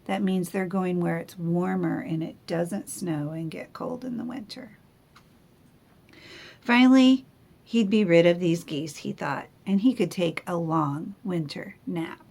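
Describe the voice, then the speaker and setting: Teacher lady reading a storybook to kids, asks them questions, takes it slow. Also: lowish voice, vocal fry. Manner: gentle, asks the children questions. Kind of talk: picture book read-aloud.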